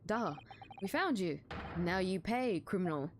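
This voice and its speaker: A woman's voice: medium pitch, expressive, a little slow, noisy background, voice pushed down, lightly acted. A woman reading aloud as a stern, accusing female detective on a ship, in a stiff, haughty manner.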